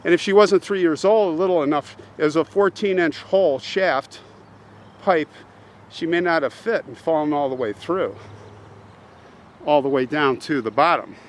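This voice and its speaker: A man hosting a vlog, slowly and earnestly retelling a sad story on a walk through a cemetery, with pauses and restarts. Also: fairly high pitch. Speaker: host. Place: outdoors at a cemetery. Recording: faint outdoor background noise.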